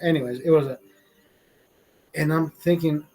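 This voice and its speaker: A man's voice: a little high, fairly even intonation, moderate pace, darkish tone, slight background noise. A man talking to his stream in a rambling, emotional monologue, swearing often and talking to himself. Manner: rambling, heavy swearing, self-talk.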